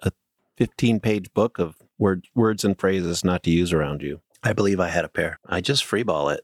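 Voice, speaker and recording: Husky low-voiced man reading stories. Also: moderate pace, no room sound, studio quality. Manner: reads stories plainly, banters dryly. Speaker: podcast co-host reading listener stories. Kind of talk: casual podcast chat and story reading.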